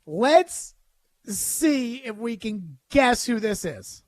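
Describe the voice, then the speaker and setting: A man's voice: extremely high pitch, very animated, extremely slow, no echo, clean studio sound. A man hosting a sports talk radio show, ranting emphatically with jokes.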